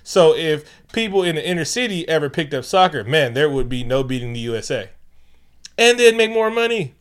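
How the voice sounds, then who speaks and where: A man co-hosting a casual movie recap, talking in animated, profane bursts and acting out lines from the film. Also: on the high side, brisk, clear, resonant tone. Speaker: podcast co-host.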